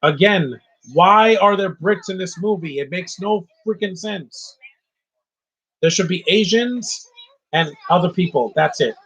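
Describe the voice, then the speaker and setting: A man's voice: high voice, unhurried, a bit bright, breathy edge, lo-fi sound. A man giving casual live commentary on a movie, opinionated and ranting about what he dislikes. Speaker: film commentator.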